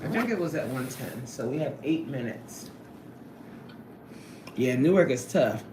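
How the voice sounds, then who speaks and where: A woman hosting a casual livestream from her workplace on a lunch break, reading out chat and laughing often in an animated way. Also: measured pace, reverberant, slight background noise. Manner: animated, laughs often, swoops up high when excited.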